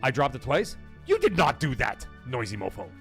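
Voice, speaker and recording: A man hosting a gaming livestream, loud and excitable, cursing and reading super chats to his viewers. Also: medium pitch, moderate pace, creaky. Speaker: livestream host. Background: soundboard music and crowd cheers.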